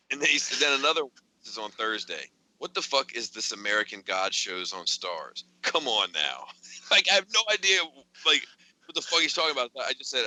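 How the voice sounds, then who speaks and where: A man hosting a podcast in casual chat, recounting a string of text messages in an animated way. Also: mid-range voice, low-quality recording. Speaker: podcast host.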